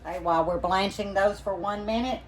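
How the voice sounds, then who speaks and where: A woman's voice: mid-range voice, fairly even intonation, brisk, slight background noise. A woman hosting a folksy, chatty kitchen demonstration, checking in with her viewers as she works. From Louisiana. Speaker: home canning cook, channel host. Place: home kitchen.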